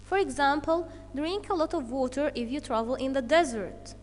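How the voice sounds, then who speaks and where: A woman's voice: high voice, darkish tone, long reverb tail. A woman teacher giving an English lesson to children, explaining step by step and checking in with "okay" as she goes. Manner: slow, deliberate explaining with many "okay" checks.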